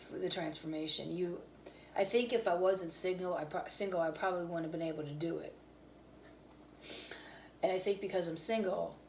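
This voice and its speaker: A woman's voice: fairly low pitch, vocal fry, mellow, a little hiss or hum, low-quality recording. A woman hosting her own cooking channel, chatting casually and candidly with viewers while tired and yawning. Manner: rambling, candid, talks about fitness and feelings.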